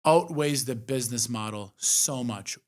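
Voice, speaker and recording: A man co-hosting a podcast as an investor, talking frankly with casual swearing and animated asides. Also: medium pitch, unhurried. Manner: frank, profane, animated storytelling. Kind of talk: casual chat.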